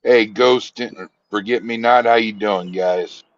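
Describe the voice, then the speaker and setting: Brief: low-pitched man, podcast guest, easygoing and joking; dull lo-fi call audio. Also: slow, dry recording. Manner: joking, relaxed banter. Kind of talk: casual chat over a call.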